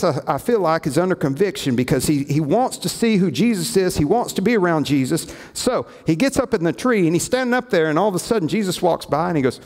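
A man's voice: on the high side, a little mellow. A male pastor preaching a sermon, telling stories and acting out the quoted lines. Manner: storytelling, acts out quoted lines. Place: church sanctuary. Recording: echoey church hall.

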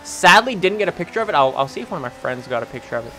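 A young man from Canada giving rambling, excitable let's-play commentary over a racing game, often jumping into high yelps. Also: racing, soft background music. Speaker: gaming channel host.

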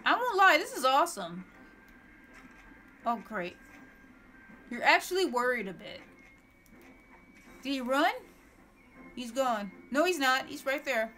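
Female streamer, high bright voice, unhurried but animated, faint background hiss. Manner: excitable, exclaiming and repeating words. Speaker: gameplay streamer. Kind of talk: live gameplay commentary.

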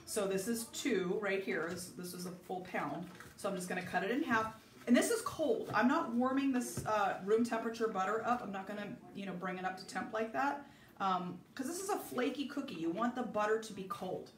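A woman's voice: mid-range voice, fairly quick, echoey room, distant mic, a little hiss or hum. A middle-aged woman from Southern California hosting a casual live baking demo, chatty and rambling, greeting viewers by name. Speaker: home cook hosting a live baking video. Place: home kitchen.

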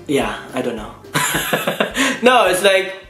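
A man's voice: a little high, big pitch swings, pushed and bright, soft background music. Playful man in an echoey room. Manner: playful, giggly, acts out quick voices. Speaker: vlogger. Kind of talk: casual explainer vlog.

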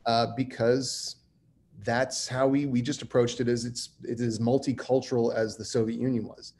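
A man's voice: mid-range voice, level tone, moderate pace, darkish tone, slight background noise. A man speaking on a panel, conversational and emphatic with dry humor. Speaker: writer on a panel. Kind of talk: panel discussion.

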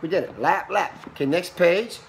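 A man reading a picture book aloud to a young child in a playful, exclaiming way, slowing on the quoted lines and ending with a short Bible lesson. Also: gravelly, slight background noise. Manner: playful, exclaiming, with sudden high squeals and slow drawn-out quoted lines; turns preachy when giving a Bible lesson. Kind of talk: animated read-aloud storytime.

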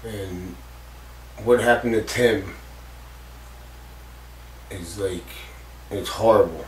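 In an interview, a man with a lowish voice recounts a stunt accident extremely slowly, rambling and swearing freely. He fills his speech with "like" and "you know." The distant mic picks up roomy echo and faint background noise.

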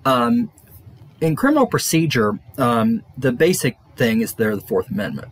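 A male college lecturer talks through his material in a loose, rambling way. His slightly husky voice swings widely in pitch, and he fills pauses with ums and restarts. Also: wildly swooping pitch. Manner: rambling, many fillers and restarts. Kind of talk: classroom lecture.

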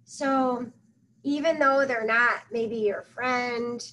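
A woman leading a guided loving-kindness meditation, giving soft, soothing instructions with long pauses. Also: on the high side, fairly even intonation, slight background noise, rough recording.

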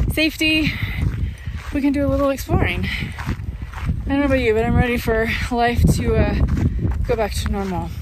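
A woman's voice: fairly high pitch, background noise. Chatty woman vlogging outdoors. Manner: chatty, enthusiastic, rambling with fillers. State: out of breath while walking uphill. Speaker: vanlife vlogger. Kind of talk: casual vlog narration and walk-and-talk. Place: outdoors on windy wooded hills. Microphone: handheld camera.

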